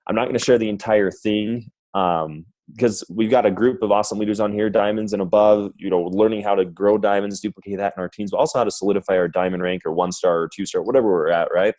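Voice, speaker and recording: Upbeat corporate sales manager with a deep voice and dry sound; rambles, talks to the "guys" on a call. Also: male voice, fairly even intonation, fast talker, hardly any pauses, a little mellow, no echo, rough recording. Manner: upbeat, rambling, says guys and right often. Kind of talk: conference call presentation. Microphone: phone line.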